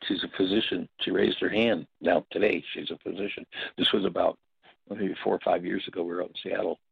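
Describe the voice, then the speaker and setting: An older man leading a workshop, telling stories and teaching in a reflective, halting way with pauses and restarts. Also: low-pitched, steady tone, vocal fry, husky, no room sound. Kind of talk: spoken teaching talk with stories. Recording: dull, dry lo-fi audio.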